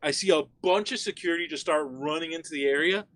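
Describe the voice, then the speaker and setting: A fairly high-voiced man from Miami tells a wild story as a guest on a casual chat. He is animated and swears freely, and he fills his sentences with "like." The sound is dry and close. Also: fast talker, no echo. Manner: animated, profane, frequent "like" fillers.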